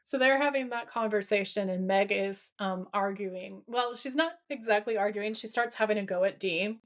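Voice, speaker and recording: A woman co-hosting a podcast, recapping an episode in casual, animated chat, swearing and acting out quotes. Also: mid-range voice, normal speed. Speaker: podcast co-host.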